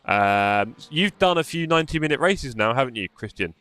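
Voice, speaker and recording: A man's voice: medium pitch, animated, moderate pace, fairly bright tone, clear, resonant tone, dry recording. A man hosting a live sim racing stream, chatting casually, teasing and reading the chat aloud. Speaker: stream host.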